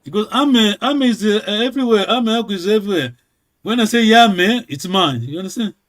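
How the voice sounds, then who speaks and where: High-voiced man teaching with frequent check-ins. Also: lively intonation, a bit bright. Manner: halting, repeats words, keeps checking with "yes?". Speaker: language teacher.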